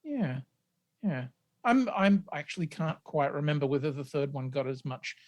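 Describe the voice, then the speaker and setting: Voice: medium pitch, big pitch swings, normal speed, darkish tone. A host leading a casual podcast film discussion in a chatty, sweary manner. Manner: chatty, sweary, steering the talk. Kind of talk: casual film-review chat.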